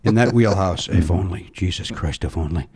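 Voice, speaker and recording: A man's voice: deep voice, moderate pace, gravelly, slightly rough. A man hosting a casual comedy podcast, telling stories in a playful, joking way. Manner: playful, jokey, animated storytelling. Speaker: podcast host.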